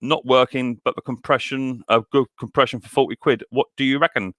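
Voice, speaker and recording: Greeting every viewer individually with "mate," a live stream host who owns a mower repair shop fields questions about mowers in a cheerful, chatty way. His mid-range voice is steady, brisk, and a bit bright, with no echo.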